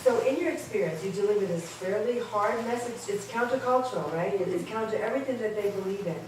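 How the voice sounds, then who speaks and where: A woman, a board member, asking questions in a polite, measured way. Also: mid-range voice. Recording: echoey room, distant mic, faint noise.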